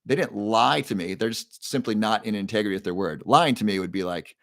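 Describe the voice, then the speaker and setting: A man's voice: lowish voice, lively intonation, quick pace, hardly any pauses, a bit bright, no echo, studio quality. A man hosting a casual livestream, telling a story in a chatty way and repeating key phrases. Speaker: livestream host.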